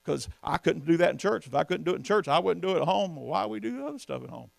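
A man's voice: fairly high pitch, lively intonation, fast talker, gravelly, no echo. A man preaching from the pulpit, folksy and emphatic, often asking the congregation questions. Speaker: pastor. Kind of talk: sermon.

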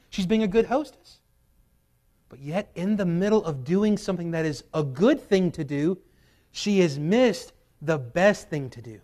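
A male pastor preaching a sermon in a church, swinging between loud urgent peaks and quiet drops. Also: on the high side. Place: church sanctuary.

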